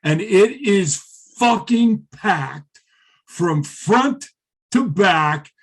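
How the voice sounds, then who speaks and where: A middle-aged former wrestler, a guest in an interview, telling stories in a rambling, profane way with many fillers. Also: male voice, high voice, expressive, very slow, husky. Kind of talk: casual interview storytelling.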